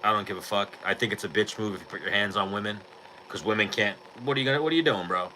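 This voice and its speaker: A man's voice: fairly low pitch, fast, pushed and bright, a little hiss or hum, rough recording. A man hosting a podcast in casual chat, talking bluntly with lots of swearing and rambling asides. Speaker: podcast host.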